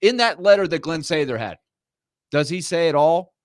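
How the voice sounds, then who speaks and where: Higher-pitched animated sports talk host. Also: male voice, moderate pace, no room sound. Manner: animated, emphatic arguing.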